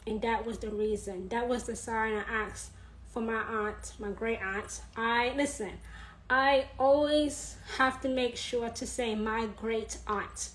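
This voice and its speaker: Slow-talking earnest woman vlogger. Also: a little high, rough recording. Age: 30s. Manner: earnest, repetitive, emphatic, laughs softly. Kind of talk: personal vlog monologue.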